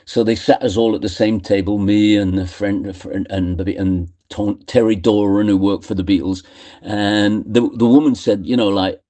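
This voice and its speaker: An older man with a low, mellow voice tells stories in a loose, chatty way. He drops into the voices of the people he quotes as the anecdotes roll on, like a guest on a radio studio interview. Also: fairly even intonation, moderate pace. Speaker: guest musician.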